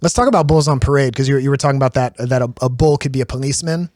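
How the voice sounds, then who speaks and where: A man in his thirties hosting a podcast in casual conversation, lively, with many fillers and restarts. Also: mid-range voice, rapid-fire, no echo, clean studio sound. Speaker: podcast host.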